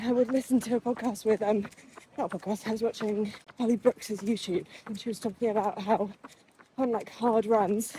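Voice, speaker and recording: Chatty woman vlogging outdoors, mellow voice. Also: fairly high pitch, a little hiss or hum. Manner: chatty, upbeat, many fillers. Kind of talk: casual vlog chat. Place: outdoors on a run and walk.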